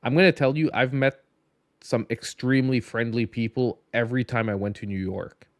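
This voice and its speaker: A man's voice: mid-range voice, steady tone, normal speed, no room sound, studio quality. A tired man hosting a casual gaming podcast, rambling with many restarts and a slight lisp. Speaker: podcast host. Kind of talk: casual late-night podcast chat.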